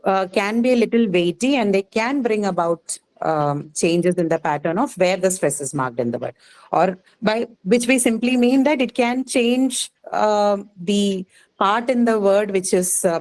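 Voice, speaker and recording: A woman's voice: mid-range voice, unhurried, a little mellow, low-quality recording. Woman teacher explaining step by step. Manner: patient, explanatory, checks understanding with frequent "okay". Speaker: English teacher. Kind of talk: live online class lecture.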